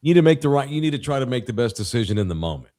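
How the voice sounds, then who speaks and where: A man's voice: mid-range voice, very fast. A man co-hosting a sports podcast, chatting casually and telling jokey stories. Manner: jokey, animated storyteller. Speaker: podcast co-host. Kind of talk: casual chat.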